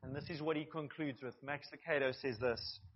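A man's voice: medium pitch, fairly even intonation, a little fast, highs cut off, a little hiss or hum. A male pastor preaching a sermon to his congregation, earnest, with asides to the listeners.

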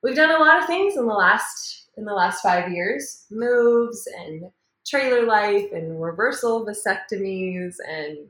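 A woman guest on a podcast, loud and lively as she talks about her family's life. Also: medium pitch, a little slow. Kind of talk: casual podcast chat. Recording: echoey room.

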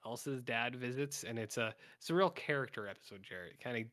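A male podcast co-host with a mid-range, slightly bright voice speaks a little fast. During a casual episode recap he drifts from point to point, interrupts himself, and acts out the characters.

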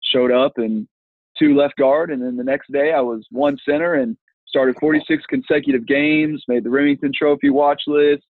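A man, a football coach telling an animated story from his playing days in an interview, voicing the people in it as he goes. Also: mid-range voice, moderate pace, dry recording. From Texas. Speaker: football coach, former college lineman. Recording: tinny phone-like line, dry.

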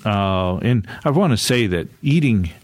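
A man's voice: lowish voice, expressive, unhurried, dry recording. A man in his sixties, an author telling a casual, rambling story with frequent chuckles and restarts. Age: 60s. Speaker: author and guest speaker.

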